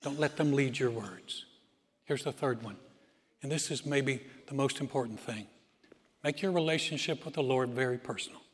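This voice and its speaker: A man's voice: mid-range voice, normal speed. A man preaching a sermon as pastor, earnest and conversational with emphatic bursts. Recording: long church-hall reverb.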